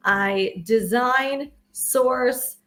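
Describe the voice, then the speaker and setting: New york woman guest, brisk, businesslike, runs down her job. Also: a little high, a bit bright. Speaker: guest expert. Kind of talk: interview answers.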